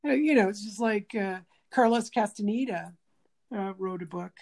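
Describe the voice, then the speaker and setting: A woman's voice: medium pitch, normal speed, creaky. A woman talking casually in an interview, acting out quoted speech as she tells stories and restarting phrases as she thinks aloud. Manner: animated storyteller who acts out quoted speech.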